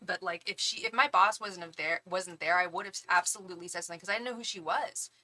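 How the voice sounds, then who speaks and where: A woman hosting a live tarot stream, telling a story in casual, animated chat, acting out what people said and swearing as she vents. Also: lowish voice, fast talker.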